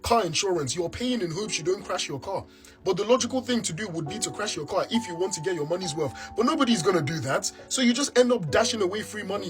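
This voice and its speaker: Incredulous British man over music. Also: high-pitched. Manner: incredulous, rhetorical questions. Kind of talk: comedic monologue.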